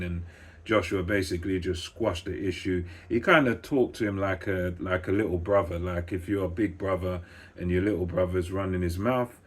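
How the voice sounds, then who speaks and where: Deep husky-voiced man talking boxing. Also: moderate pace. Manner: relaxed, recounting with quoted lines. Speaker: boxing commentator. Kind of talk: casual video commentary.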